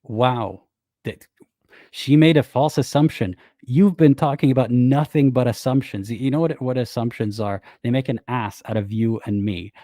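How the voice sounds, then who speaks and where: A man's voice: medium pitch, normal speed, mellow, no room sound, studio quality. A man hosting a reaction video, commenting sarcastically and mocking the people he quotes. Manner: sarcastic and mocking, quotes others in exaggerated voices. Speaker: commentary host.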